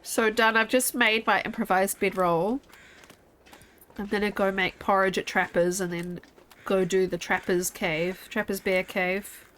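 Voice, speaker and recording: A woman's voice: mid-range voice, fairly bright tone. A young woman streaming a game, chatting casually with her viewers while sleepy and yawning. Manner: chatty, rambling, talks to chat. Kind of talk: casual gameplay chat.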